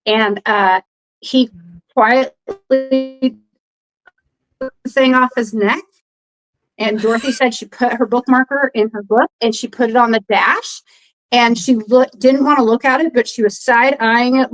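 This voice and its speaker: A woman with a fairly high voice tells a long story in relaxed conversation. She rambles and fills gaps with ums and you-knows. She brings the people in her story to life by voicing their quoted lines. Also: normal speed, low-quality recording. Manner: animated retelling, acts out others' quoted lines; rambling with frequent fillers. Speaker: podcast guest. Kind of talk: casual storytelling.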